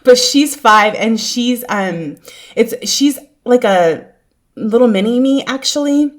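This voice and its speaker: A woman's voice: on the high side, expressive, takes it slowly. A woman in her thirties hosting a podcast, telling stories in a casual chat and laughing often. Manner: warm storytelling, laughs often. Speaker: podcast host.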